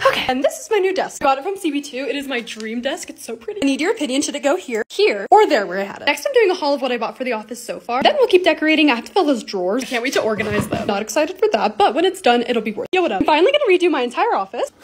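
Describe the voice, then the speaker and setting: A young woman vlogger chatting through a casual voice-over, bubbly and excitable. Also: high-pitched, racing, few pauses, noisy background. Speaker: lifestyle vlogger.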